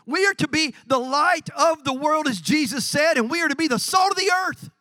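A man preaching a sermon as pastor, building to drawn-out shouted emphasis. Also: extremely high pitch, animated, dry recording.

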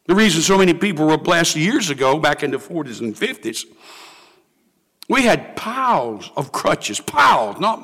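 An older man preaches, his voice riding high and swinging widely as he acts out the prayers of his flock. A long reverb from the church sanctuary trails after every phrase. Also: fairly bright tone. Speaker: pastor. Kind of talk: sermon.

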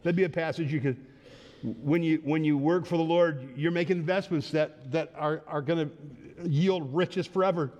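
A pastor delivers an earnest sermon, his fairly high voice sinking low and soft for quoted words, then lifting as he urges his listeners on. The sound trails off in the long reverb of a church sanctuary. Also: steady tone, normal speed, highs cut off.

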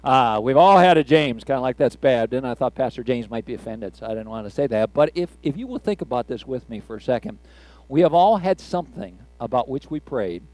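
An older man, a grandfather, preaching a sermon in a conversational, folksy way with halting restarts. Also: mid-range voice, animated, warm tone, no echo.

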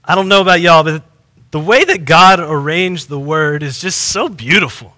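High, sharp-voiced pastor preaching. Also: male voice, expressive, normal speed, no echo. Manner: conversational preaching with repeated restarts. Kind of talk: sermon.

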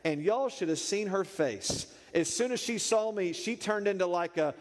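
A man preaching, telling a funny story in an animated, playful way. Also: high-pitched, moderate pace, few pauses. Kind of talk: humorous sermon storytelling. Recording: echoey hall reverb.

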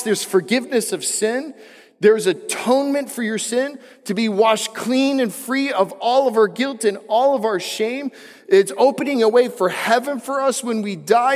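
Preaching man in a reverberant hall. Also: high voice. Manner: conversational preaching with jokes, rising emphatic peaks. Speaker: pastor. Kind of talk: sermon. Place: church hall.

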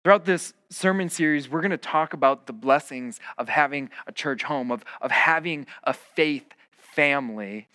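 Bright-voiced man preaching a conversational sermon. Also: a little high, moderate pace, no echo. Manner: casual storytelling with fillers and restarts. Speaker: pastor. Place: church.

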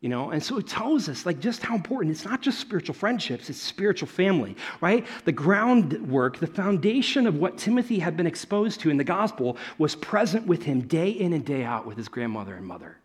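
A man in his thirties preaching a sermon, telling stories and acting out quotes, swinging between loud and soft. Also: a little high, big pitch swings, fairly quick, few pauses, husky. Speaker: pastor.

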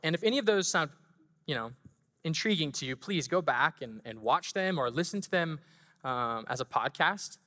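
Male preacher, playful and animated, high-ish bright tone, long hall reverb. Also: moderate pace. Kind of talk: sermon.

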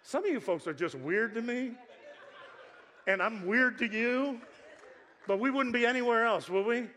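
A male pastor delivers a sermon in a church, with a high-pitched voice. He tells stories in an animated, joking way and talks straight to the congregation. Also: moderate pace. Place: church sanctuary.

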